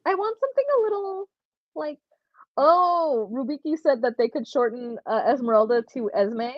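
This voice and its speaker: A woman's voice: high-pitched, moderate pace, no room sound, muffled recording. A young woman hosting a casual livestream giveaway, chatting and laughing while reading comments from chat aloud. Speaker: livestream host running a giveaway.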